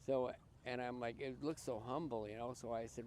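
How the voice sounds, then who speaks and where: An older man from Massachusetts, a podcast guest, tells his life story in an earnest, halting way, often restarting and repeating words. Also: medium pitch, steady tone, darkish tone, slight background noise. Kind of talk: personal life story in conversation.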